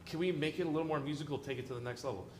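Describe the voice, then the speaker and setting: A man with a high-leaning voice races through his words as he rehearses an orchestra, joking and encouraging the players while coaching. The setting is a large concert hall, echoey with long reverb.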